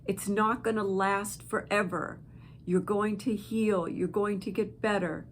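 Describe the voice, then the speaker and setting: Slow, gentle-voiced woman host. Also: medium pitch, fairly even intonation, slight background noise. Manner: slow, gentle and heartfelt, with pauses. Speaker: channel host. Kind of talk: encouraging direct-to-camera talk.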